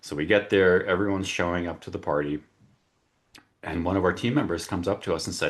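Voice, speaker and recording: A man's voice: deep voice, a little fast. A man hosting a webinar on a video call, chatty and full of fillers and restarts. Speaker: webinar host. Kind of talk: casual webinar introduction.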